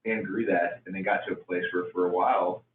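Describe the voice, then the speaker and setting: A man's voice: sits low, steady tone, brisk, a little hiss or hum. A man, encouraging an audience of business owners in a casual way. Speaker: business coach. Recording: far-off, echoey, phone-like hall audio.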